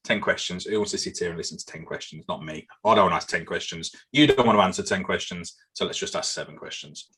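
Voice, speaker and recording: A man with a low, somewhat husky voice runs a quiz on a casual podcast. He swears and banters freely and trips over his own words. His delivery is loose and chatty. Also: quick pace, few pauses, bright, forceful tone. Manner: swearing, banter-heavy, repeats himself. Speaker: podcast co-host, quizmaster. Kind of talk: casual chat.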